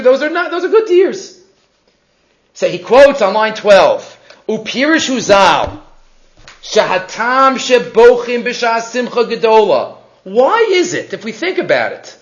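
Male Torah teacher, very high and lively voice, animated lecture, muffled recording in an echoey room. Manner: animated, asks many rhetorical questions. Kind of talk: weekly Torah class lecture.

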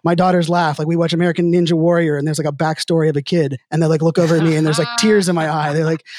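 A man's voice: fairly high pitch, flat delivery, racing, a little mellow, slight background noise. A middle-aged man telling stories as a podcast guest in a casual, rambling way, leaning on the word "like" again and again. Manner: rambling, heavy use of filler "like". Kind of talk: casual conversational storytelling.

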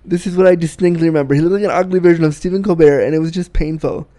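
Canadian man hosting a podcast, crude self-mocking storyteller, smooth warm tone. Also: on the high side, fairly even intonation, rapid-fire. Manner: profane, self-mocking, laughs at own jokes. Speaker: podcast host. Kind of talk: candid storytelling monologue.

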